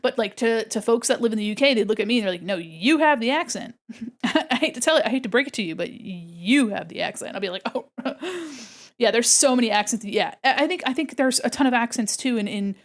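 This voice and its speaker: A woman's voice: a little high, animated, fairly quick. An American woman streamer and illustrator, chatting casually and bubbly with her viewers while she draws. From United States. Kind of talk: casual live-stream chat while drawing.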